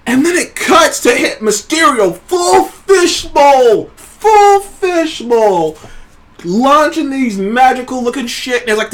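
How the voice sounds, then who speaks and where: A man hosting a casual trailer review show, talking in an excited, rambling way and swearing freely. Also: high voice. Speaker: show host.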